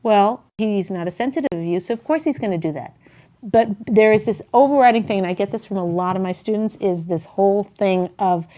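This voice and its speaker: Chatty animated woman giving relationship advice. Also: medium pitch, fairly quick. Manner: chatty, animated storyteller who acts out quotes loudly. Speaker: talk show host and relationship coach. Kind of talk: casual advice talk.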